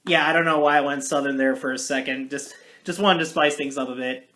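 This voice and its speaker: A movie reviewer talking in a casual monologue, rambling and correcting themself often. They jump between loud, hyped-up lines and quiet muttered asides, and joke at their own expense. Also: medium pitch, fairly even intonation, a little fast.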